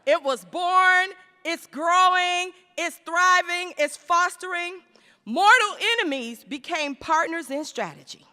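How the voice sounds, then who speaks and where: A woman giving a plenary speech at a conference, rhetorical and emphatic, slowing down to stress key phrases. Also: very high voice, pushed and bright. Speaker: conference speaker. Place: large conference hall. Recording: reverberant hall.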